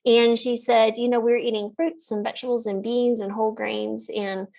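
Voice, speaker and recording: A middle-aged woman physician, a guest on an interview, telling a story in a lively, casual way. She laughs often and acts out the lines of the people in the story. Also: a little high, normal speed, vocal fry.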